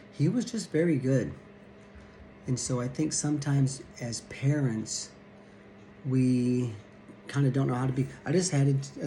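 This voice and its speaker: A man's voice: medium pitch, warm tone, a little hiss or hum. A man in his fifties from Missouri, a wrestling coach telling stories in a blunt, plain-spoken way. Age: 50s. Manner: blunt, plain-spoken, acts out quoted voices. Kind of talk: storytelling talk to camera.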